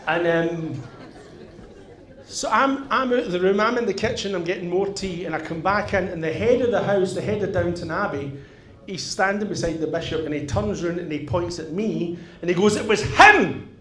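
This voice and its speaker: A man's voice: high voice, moderate pace. A middle-aged man with a Northern Irish accent doing stand-up, telling a long story and tagging his lines with "right?". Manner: animated, swearing, tags lines with "right?". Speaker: stand-up comedian. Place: theatre stage. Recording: echoey live venue with audience.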